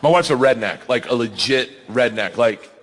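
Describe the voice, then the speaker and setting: A man in his thirties telling a wild story in stand-up comedy, loud and animated, yelling the big moments and laughing through his lines. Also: medium pitch, normal speed, slight background noise. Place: comedy club stage before a laughing audience. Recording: live hall reverb, faint ambience.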